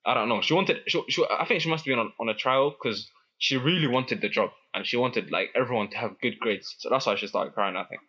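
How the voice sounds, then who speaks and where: A young man tells a story in casual chat. His voice is bright and a little husky, and he trips over his words and laughs as he goes. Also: medium pitch, a little fast, few pauses, muffled recording. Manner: animated, laughing, many restarts. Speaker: guest.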